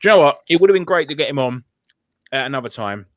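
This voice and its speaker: A man's voice: on the high side, animated, fast. A man co-hosting a fan football stream, jokey and sweary. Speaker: co-host. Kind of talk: casual banter. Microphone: online voice call.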